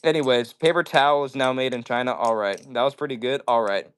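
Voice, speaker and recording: A man's voice: medium pitch, fast, a bit bright, smooth. A man hosting a casual livestream, chatting with viewers and rambling and apologizing often. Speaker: livestream host.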